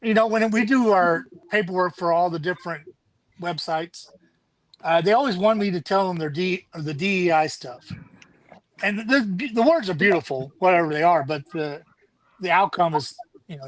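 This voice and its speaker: In a rough recording, a high-pitched man speaks at normal speed. He's a middle-aged charity founder and Army veteran, a guest on a casual show who talks candidly and swears now and then.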